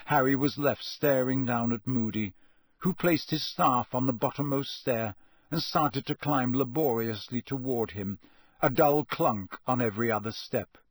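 Guy reading a story aloud, steady and measured, husky voice, mid pitch. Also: dry recording. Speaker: audiobook narrator. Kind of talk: scripted narration.

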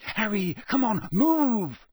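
A clever teenage girl, terrified and pleading, as a man reading aloud puts her on. The voice sits well above his own and climbs as she urges her friends along, with a husky grain and close, dry sound. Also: high-pitched, very animated, slow pace, a little mellow, no echo, voice pushed up, full character voice. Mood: panicked.

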